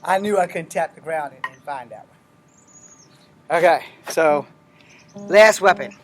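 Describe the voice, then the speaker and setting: He speaks slowly at a medium pitch, with a little hiss or hum in the recording. In this laid-back weapons demonstration, the instructor curses often, stays blunt, and explains things step by step as he moves through the drills.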